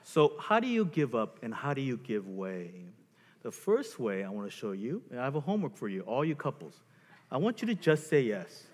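A man preaching a sermon as a pastor, animated and joking, acting out little scenes between himself and his wife. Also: on the high side. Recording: long hall reverb.

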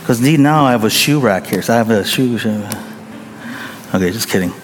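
A man preaching a sermon as a pastor, telling a story with lively acted-out quotes and calls to the congregation. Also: mid-range voice, brisk, big-room sound, a little hiss or hum.

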